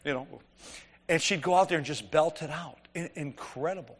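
Male preacher, anecdotal sermon, rhetorical questions, slightly high voice, long hall reverb. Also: normal speed, fairly bright tone. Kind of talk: conversational sermon.

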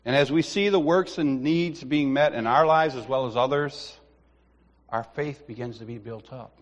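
The highs are cut off in this recording of a man's sermon, captured with long hall reverb in a church sanctuary. Speaking at normal speed in a mid-range voice, the lay preacher acts out dialogue from a personal story and laughs at himself.

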